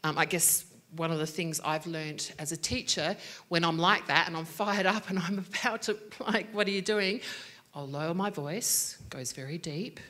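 A woman's voice: sits low, normal speed, bright, forceful tone. A woman who works as a teacher, giving a devotional talk on speaking graciously, conversational and checking in with her listeners often. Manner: conversational, with frequent "right?" check-ins. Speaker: teacher giving a faith-based parenting talk.

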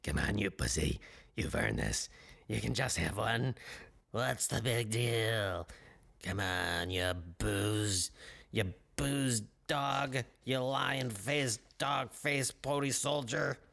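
A man's voice: medium pitch, animated, takes it slowly, vocal fry, fairly bright tone, exaggerated voice. A man voicing a crude male demon of temptation that jeers and calls names. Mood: goading. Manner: jeering, name-calling.

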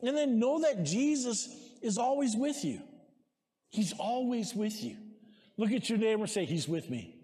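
High-voiced man preaching in a big hall. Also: animated, moderate pace. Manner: exhorting, calls for amens, shouts at peaks. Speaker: pastor. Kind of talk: sermon. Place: church sanctuary. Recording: long reverb of a large hall.

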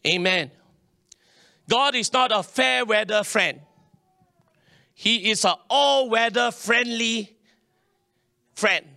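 A man preaches to his congregation in a high, bright voice. He swings between loud declarations and quiet asides. The sound is close and dry. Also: slow, gravelly, pauses often, no room sound. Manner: animated preaching, calls to the congregation. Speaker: pastor. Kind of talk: sermon.

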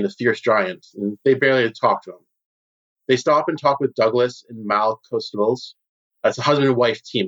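A man's voice: fairly low pitch, fairly bright tone. A man narrating a tabletop game as game master, casual and full of fillers. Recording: dull lo-fi sound.

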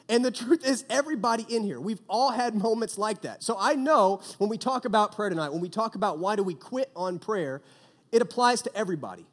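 Young man, youth pastor, high-pitched, lively comic storytelling sermon. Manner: animated, comic storytelling with acted-out quotes.

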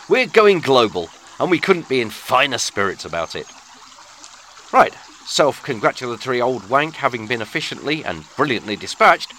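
A man's voice: medium pitch, pushed and bright, a little hiss or hum. A man with a British accent, hosting a podcast with a florid, sardonic scripted monologue. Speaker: podcast host.

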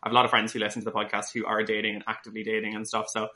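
A man's voice: fairly low pitch, monotone, racing, sharp tone. A man co-hosting a podcast in chatty, casual talk, closing the episode. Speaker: podcast co-host. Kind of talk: casual chat.

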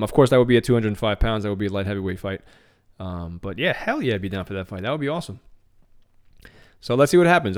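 A man hosting a podcast, chatting casually and excitedly about MMA news, often repeating words and restarting his phrases. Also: mid-range voice. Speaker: podcast host.

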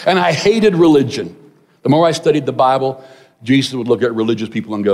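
A man's voice: mid-range voice, a little fast, slight background noise. Middle-aged male pastor in a reverberant hall. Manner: storytelling, animated asides to the congregation. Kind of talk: sermon. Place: large church hall.

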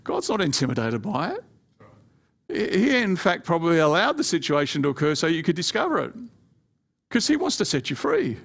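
A male pastor delivering a sermon, climbing higher and louder to press his points, with playful asides. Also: huge pitch swings, moderate pace, creaky. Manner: rising pitch and volume when pressing a point, playful asides.

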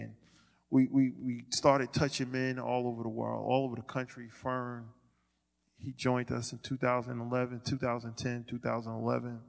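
A man giving a sermon testimony as a ministry leader, stammering and restarting, swinging from quiet asides to loud declarations. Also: medium pitch, vocal fry, big-room sound.

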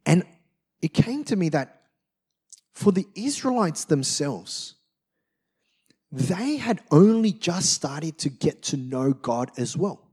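A man preaching a sermon, telling stories with animated acted-out quotes. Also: a little high, slow pace, long pauses, breathy edge. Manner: animated storytelling, acts out quotes. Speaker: pastor.

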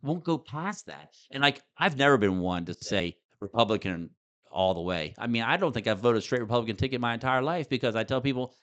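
Fast-talking middle-aged man, animated. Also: mid-range voice. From Maryland. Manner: animated, talks fast, with frequent restarts. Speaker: podcast guest, former state senator. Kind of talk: casual political conversation.

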